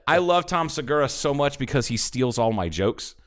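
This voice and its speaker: A man's voice: mid-range voice, animated, moderate pace, fairly bright tone. A man co-hosting a casual podcast chat, swearing freely and rambling through stories he acts out. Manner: profane, rambling storyteller who acts out quotes. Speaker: podcast co-host.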